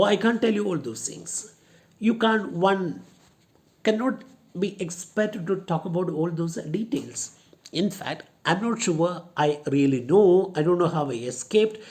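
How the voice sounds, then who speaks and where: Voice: mid-range voice, darkish tone. A teacher reading a play aloud, voicing a genteel, lightly mocking woman in a raised, emphatic voice. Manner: reads lines in a raised, emphatic voice.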